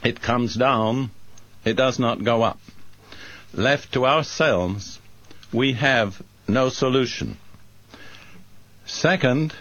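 A man preaching a sermon, reading scripture and explaining it in a slow, deliberate, emphatic way. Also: medium pitch, fairly bright tone, no echo. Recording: dry, dull lo-fi recording.

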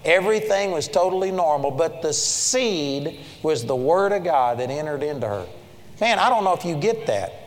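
A man preaching a sermon, emphatic, swinging from loud stressed lines to low quiet asides. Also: big pitch swings, moderate pace. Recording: long hall reverb.

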